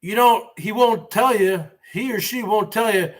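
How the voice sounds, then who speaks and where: A man's voice: high-pitched, a little slow, few pauses. A man in his forties hosting his own show, ranting sarcastically in a casual, repetitive way. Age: 40s. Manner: sarcastic, emphatic, repeats himself. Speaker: show host. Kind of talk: casual livestream rant.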